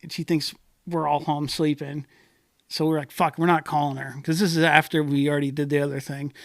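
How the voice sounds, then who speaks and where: This young male podcast co-host has a slightly high, gravelly voice and talks fairly quickly while casually spinning a wild yarn. He's animated, curses, and acts out quoted voices. The dry recording on a studio podcast mic has studio quality.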